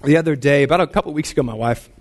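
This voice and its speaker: A man's voice: fairly high pitch, racing. A man in his thirties, a pastor, preaching a sermon in a casual, self-deprecating storytelling way with frequent repeated words.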